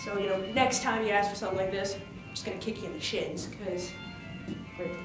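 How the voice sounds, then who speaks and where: A woman's voice: medium pitch, brisk. A woman retelling a play in character in a casual way, full of fillers like "like" and "you know.". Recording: echoey room, voice far from mic, music behind.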